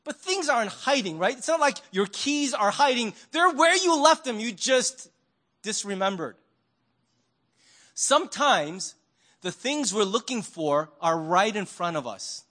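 A man's voice: high-pitched, expressive, measured pace, bright, forceful tone. A man preaching a conversational sermon, telling stories and asking rhetorical questions. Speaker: pastor.

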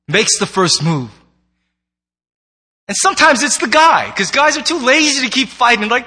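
A pastor preaches to a congregation in a church sanctuary, conversational and playful, slipping into acted asides. His very high voice is sing-song, pushed and bright, at a moderate pace with long pauses.

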